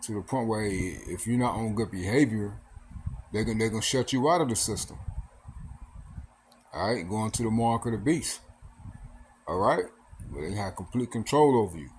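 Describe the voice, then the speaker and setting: A man's voice: lowish voice, moderate pace, long pauses, a little mellow, slight background noise. A man giving a casual sermon, reading scripture aloud and often adding "man" and "all right". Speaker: preacher. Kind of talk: casual street-style sermon.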